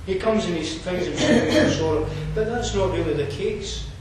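A man preaches in a high-pitched voice, earnest and chatty, with asides and fillers. He is picked up from a distance in a church hall. Strong echo rings around him, with faint noise underneath. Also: normal speed, darkish tone. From Scotland. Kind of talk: sermon. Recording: roomy distant hall mic.

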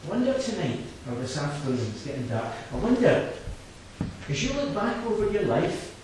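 A man with a fairly high voice preaching a sermon, dropping low and quiet before rising to loud, impassioned repeated phrases. He sounds far from the microphone in a very echoey hall, with faint noise behind him. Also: big pitch swings, moderate pace.

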